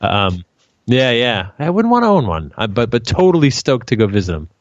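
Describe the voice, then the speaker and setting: A man in casual podcast chat, animated and jokey, with many restarts. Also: medium pitch, moderate pace, no echo. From New England. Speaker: paranormal investigator and author. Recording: slightly dull dry sound.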